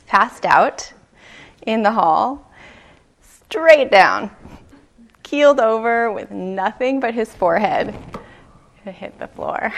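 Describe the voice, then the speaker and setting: A woman meditation teacher giving a dharma talk, telling a story slowly and gently, with soft pauses. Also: fairly high pitch, gravelly. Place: retreat meditation hall.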